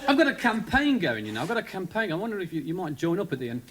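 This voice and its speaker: A man's voice: sits high, sing-song, racing, a crowd in the background. A man with a Birmingham accent telling a rambling stand-up story with lots of asides. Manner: rambling, chatty, full of asides. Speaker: stand-up comedian. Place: TV studio before live audience. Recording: 1970s TV studio with audience laughter.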